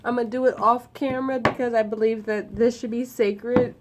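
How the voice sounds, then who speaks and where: A young woman in a casual unboxing vlog, talking in an excitable, emotional and slangy way, gushing with gratitude. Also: on the high side, moderate pace, noisy background. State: throat dry. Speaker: vlogger unboxing gifts.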